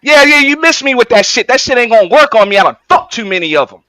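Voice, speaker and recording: High-voiced man, profane and taunting. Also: expressive, quick pace, sharp tone, dry recording, low-quality recording. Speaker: panel participant. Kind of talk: heated online debate. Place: online audio space.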